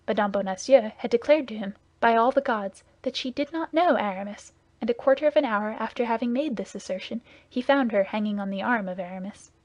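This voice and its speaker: A woman narrating a classic novel as an audiobook, in a steady, measured reading voice. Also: a little high, no echo.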